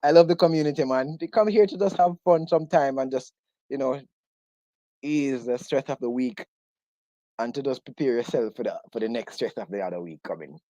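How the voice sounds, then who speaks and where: A man's voice: medium pitch, brisk, mellow, no room sound. A British man hosts a live online chat, talking loosely and joking with his listeners. He laughs easily between remarks. The sound is dull and dry, with little room around it. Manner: jokey, chatty, laughs often. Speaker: host of a live online discussion. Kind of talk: casual livestream chat.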